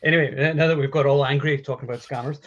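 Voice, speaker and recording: A man's voice: medium pitch, steady tone, rapid-fire, a little hiss or hum. A man hosting a casual movie chat on a live stream, rambling and swearing with lots of restarts. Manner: profane, rambling with restarts and laughs. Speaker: podcast host. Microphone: home mic on a video call stream. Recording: dull lo-fi stream audio.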